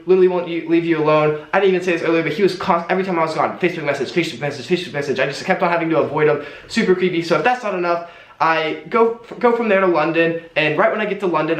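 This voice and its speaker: A young man telling a travel story to camera in an animated storytime vlog. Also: fairly high pitch. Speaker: travel vlogger. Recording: roomy echo.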